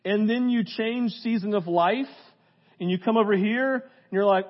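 A young pastor with a voice that sits high preaches a casual, joking sermon to a live congregation in a church hall, speaking at a normal speed. He talks straight to the crowd, and the recording is muffled.

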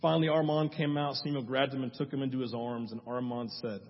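A man's voice: medium pitch, level tone, quick pace. A male pastor preaching a sermon, telling a story with emphatic, repeated phrases, in a dull, reverberant church hall recording.

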